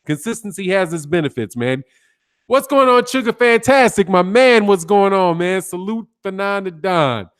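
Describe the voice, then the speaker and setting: Speaking in a high-pitched, animated voice that is clear and resonant, this man hosts a casual boxing live stream at a moderate pace. He's a boxing YouTuber who shouts out viewers' names in a relaxed way and tacks "man" onto nearly every line.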